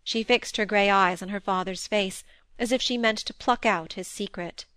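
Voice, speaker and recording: A woman narrating a classic novel in an even, measured storytelling manner. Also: medium pitch, no echo. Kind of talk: audiobook narration.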